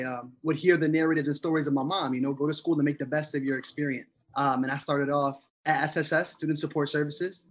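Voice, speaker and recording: A young man from Connecticut, a podcast guest, talking casually and enthusiastically with many fillers. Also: a little high. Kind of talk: casual interview chat.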